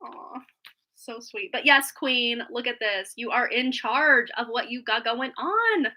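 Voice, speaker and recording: A woman's voice: fairly high pitch, lively intonation, slow pace, pushed and bright, rough recording. A woman reading tarot on a live stream, bubbly and effusive, often giggling as she talks to viewers. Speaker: tarot reader.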